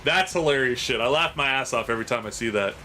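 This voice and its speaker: A man's voice: medium pitch, fast talker, bright, forceful tone, a little hiss or hum. A man in his thirties hosting a sports card auction stream, joking profanely and laughing hard at his own stories. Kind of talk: casual livestream auction chat.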